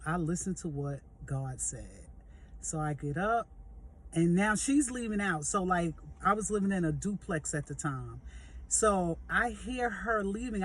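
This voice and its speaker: A woman in her fifties, a vlog host, telling a personal testimony in a lively, jokey, conversational way and speaking straight to her listeners. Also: on the low side. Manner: animated, jokey storyteller who acts out quoted voices; conversational, addresses listeners directly. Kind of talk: storytelling testimony.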